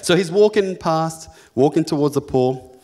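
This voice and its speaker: An Australian man preaching as a pastor, telling jokey personal stories that build into loud, fervent preaching. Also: a little high, normal speed. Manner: storytelling, jokey and lively, rising to loud preaching. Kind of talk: sermon.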